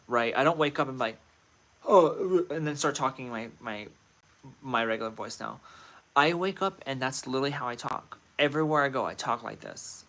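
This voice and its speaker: A man casually hosting a livestream, talking straight to his viewers in a playful, rambling way. His voice is bright and forward. He sits in a middle range of pitch. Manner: chatty, playful, talks to chat directly. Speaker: livestream host.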